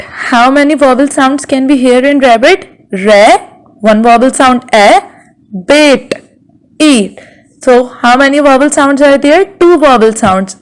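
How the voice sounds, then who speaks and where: Bangladeshi english teacher lady, high voice, slowly spells out syllables for the class. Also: poor audio. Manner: slow, carefully sounds out words syllable by syllable. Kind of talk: classroom lesson.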